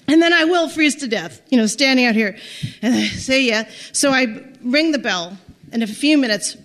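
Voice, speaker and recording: A middle-aged woman from the United States telling a personal story in a lively, dramatic way, acting out what she said back then. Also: a little high. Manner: lively and dramatic, acts out her own quoted speech. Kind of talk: personal story told to listeners.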